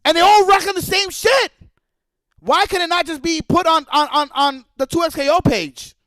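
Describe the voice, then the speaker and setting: A man's voice: very high-pitched, normal speed, fairly bright tone, no echo. A man streaming live, ranting in a profane, heated and repetitive way. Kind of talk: livestream rant.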